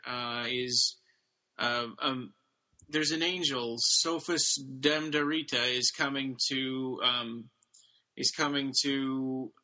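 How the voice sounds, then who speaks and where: A man with a very bright, forceful voice chats casually on a podcast. He retells a story loosely, leaning on fillers and restarting sentences. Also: mid-range voice, rough recording. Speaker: podcast co-host. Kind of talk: casual chat about books.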